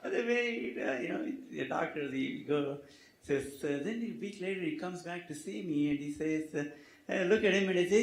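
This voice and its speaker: Male doctor addressing a conference hall, halting delivery with many fillers, lighthearted jokes, a touch high-pitched, echo of the room. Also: lively intonation, gravelly. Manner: halting, full of filler words, jokey. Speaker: physician giving conference remarks. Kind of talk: conference speech with a humorous anecdote. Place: conference hall with live audience.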